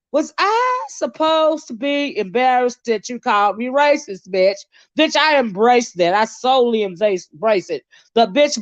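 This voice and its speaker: A woman host ranting on a live stream, swearing heavily and swinging between shouts and mutters. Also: no echo, lo-fi sound. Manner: profane, heated, swinging pitch. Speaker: online commentator.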